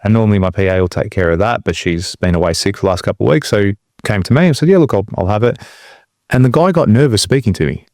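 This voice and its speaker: A man's voice: on the low side, racing, hardly any pauses, no room sound, clean studio sound. A man co-hosting a podcast, talking casually and telling stories from his business. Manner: relaxed storytelling. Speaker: podcast co-host.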